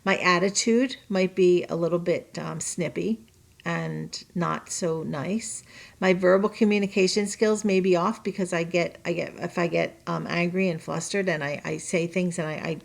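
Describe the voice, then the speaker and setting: Gravelly, low-voiced woman teacher. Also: steady tone, normal speed. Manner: chatty, checks in with tag questions; personal examples, restarts mid-sentence. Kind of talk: recorded online lesson for students.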